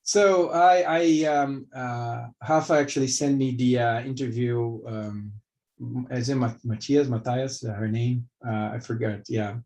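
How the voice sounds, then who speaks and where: A man's voice: mid-range voice, fairly even intonation, measured pace, a little mellow. A middle-aged man from Brazil with a Brazilian Portuguese accent, a surgeon answering interview questions candidly and rambling with many fillers. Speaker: vascular surgeon.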